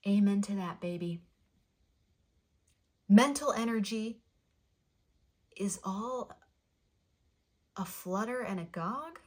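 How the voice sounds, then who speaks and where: Gentle, affectionate woman reading tarot. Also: medium pitch, animated, drawn-out words, long pauses. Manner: gentle, affectionate, playful, repeats her affirmations. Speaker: tarot card reader. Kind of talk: spoken tarot reading to viewers.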